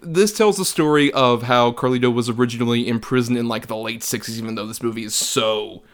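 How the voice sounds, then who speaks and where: A man's voice: medium pitch, a little fast. A young man co-hosting a film podcast, chatting casually, swearing and laughing often as he riffs. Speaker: podcast co-host.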